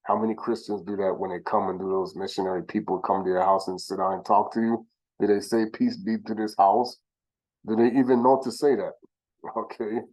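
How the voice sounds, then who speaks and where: Low-voiced man teaching scripture. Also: fairly even intonation, darkish tone, rough recording. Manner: sounds out names slowly, with self-corrections; asks the listener rhetorical questions. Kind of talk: informal religious teaching.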